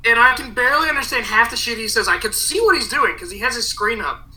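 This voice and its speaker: A man's voice: extremely high pitch, expressive, fast, pushed and bright, rough recording. A young man as a podcast guest, tired and sarcastic and swearing often. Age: young adult. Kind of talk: casual chat.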